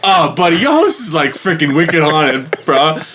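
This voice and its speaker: A man's voice: on the high side, big pitch swings, moderate pace, bright, forceful tone, a little hiss or hum. A man putting on an exaggerated mock New England accent as a brash, chummy local guy. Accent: mock Boston.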